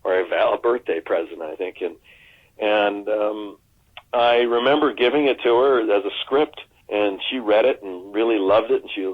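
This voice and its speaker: A man from the United States, speaking on the low side at a moderate pace, spins stories as an actor guest in a casual interview. He's animated, restarts a lot and acts out quotes, and the line sounds tinny and narrow, like a phone.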